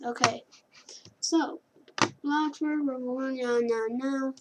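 The woman's high voice moves at a slow pace with fairly even intonation as she offers casual commentary on a computer game. She rambles and corrects herself, and keyboard clicks and clear background noise can be heard.

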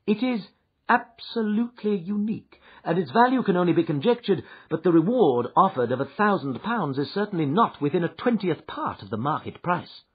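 Brief: male narrator doing a shrewd lecturing detective, husky, slightly high, in a dull lo-fi recording. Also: sing-song, exaggerated voice. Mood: grave. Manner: brisk, lecturing, precise. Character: shrewd confident male detective, middle-aged. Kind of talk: audiobook character reading. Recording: dull, muffled audio.

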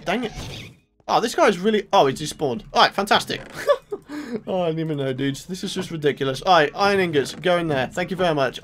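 A man hosting a game playthrough, chatting to viewers and shouting out reactions. His pitch jumps around animatedly as he talks. Soft background music plays under his voice. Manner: excitable, exclamatory, chatty with viewers. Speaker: let's play host. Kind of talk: video game commentary.

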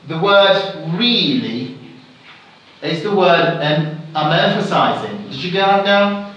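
A man's voice: a little high, fairly bright tone, slight background noise. A man teaching an exam-prep English lesson, repeating example sentences and checking that students follow. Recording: very echoey room, mic far off.

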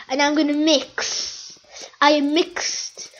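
A very high, slow-talking woman chatting excitably as she plays, looping the same lines again and again. Her voice comes through a dull, lo-fi mic. It sounds like a casual gameplay video. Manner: excitable, chatty, repeats phrases. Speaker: gaming video host.

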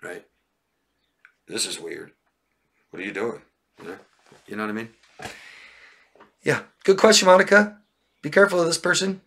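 A man's voice: mid-range voice, huge pitch swings, moderate pace, long pauses, a bit bright. A man coaching on relationships during a live stream, reading viewer questions and answering bluntly, often checking in with "right?" and "okay?".

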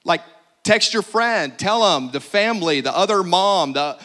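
A man's voice: high-pitched, expressive, measured pace, pushed and bright. A man pastor giving humorous practical announcements to a congregation, joking and exaggerating for laughs.

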